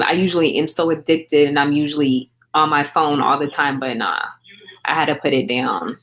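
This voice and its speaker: A woman in her thirties with a deep, fairly bright voice and an American accent hosts a livestream, casually greeting viewers by name and responding to their comments. She grew up in England on a US military base.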